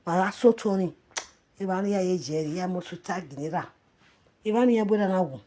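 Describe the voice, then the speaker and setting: A Nigerian woman ranting in a gossip vlog, mocking and angry, swinging from loud shouting to a low mutter. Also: quick pace. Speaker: social media commentator.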